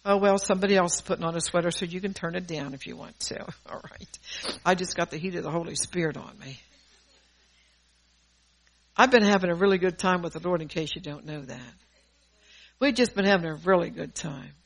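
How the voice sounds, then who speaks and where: A woman's voice: on the low side, brisk, poor audio. A middle-aged woman preaching a sermon in a fervent, conversational way, laughing between points.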